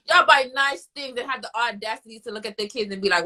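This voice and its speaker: A woman's voice: a little high, fast, hardly any pauses, pushed and bright. A woman host in casual chat, ranting in a profane, fired-up way.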